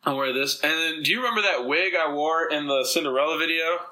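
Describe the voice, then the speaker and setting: A man from the Dominican Republic chats on his podcast in a bright, forward voice. He tells rambling, profane stories full of fillers, with plenty of animation. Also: on the high side, fast, rough recording. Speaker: podcast host. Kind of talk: casual chat.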